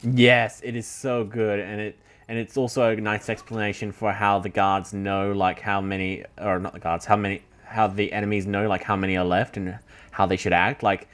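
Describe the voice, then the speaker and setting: A man's voice: lowish voice, flat delivery, moderate pace, fairly bright tone. Young man chatting over gameplay. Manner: eager, rambling explainer with many fillers. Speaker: gameplay commentator. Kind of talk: casual let's play chat.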